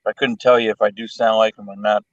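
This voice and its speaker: A man's voice: fairly low pitch, little pitch movement, fast, no echo, dull audio. A man in casual chat, joking crudely and repeating himself.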